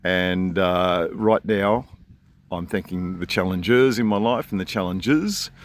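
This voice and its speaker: A low-pitched Australian man vlogs from a seashore at sunrise, with the camera held in his hand. He rambles in a chatty way, and his sentences rise at the end. A faint outdoor hiss sits behind his voice. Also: measured pace. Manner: rambling and chatty, with rising inflection at sentence ends. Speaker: vlogger. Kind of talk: casual to-camera vlog. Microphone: handheld camera.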